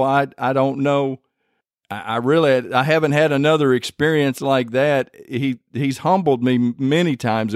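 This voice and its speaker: A man's voice: medium pitch, no echo, studio quality. A man hosting a faith podcast, telling his testimony in an earnest, rambling way with many restarts. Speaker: podcast host.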